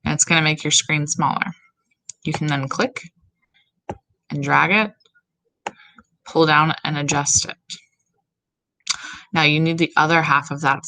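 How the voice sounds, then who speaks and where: A woman music teacher explains each step of an assignment with care. Her voice sits low but sounds bright and forward. She talks slowly and evenly in a recorded classroom tutorial. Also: low-quality recording. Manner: slow, step-by-step instructions.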